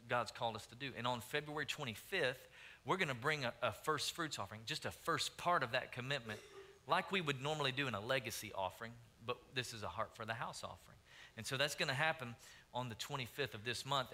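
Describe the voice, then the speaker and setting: A man preaching a sermon as pastor, repeating phrases and calling out questions to the congregation. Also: mid-range voice. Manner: preaching, rising to loud emphatic calls; repeats and restarts phrases, asks the crowd questions.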